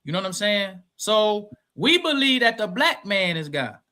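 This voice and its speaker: Bright, high-voiced man arguing insistently. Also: very animated, normal speed. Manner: insistent, repeats his points, talks over interruptions. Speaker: debater. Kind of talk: heated debate over a live stream.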